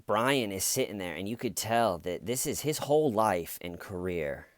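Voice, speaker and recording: A man hosting comedic true crime commentary, an animated storyteller who acts out the quotes. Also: fairly low pitch, normal speed, dry recording. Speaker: channel host.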